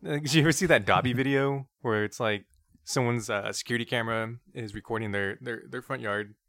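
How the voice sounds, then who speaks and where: A man's voice: mid-range voice, fairly quick, fairly bright tone, dry recording. A male podcast host chats in a loose, easygoing way, drifting into asides as he talks. His voice sits close and dry, with no room sound around it. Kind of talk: casual chat.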